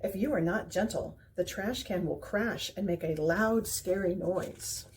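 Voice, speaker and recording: A woman's voice: medium pitch, unhurried, slight background noise, lightly acted. A woman voicing a helpful, easily startled male raccoon in a storybook reading, explaining with caution. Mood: cautionary.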